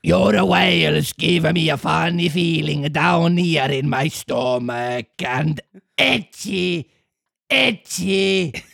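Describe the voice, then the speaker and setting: A man voicing a gruff, ugly puppet-show giant with a put-on Italian accent, drawn out and shouted. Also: fairly high pitch, very slow, full character voice. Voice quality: gruff, growling.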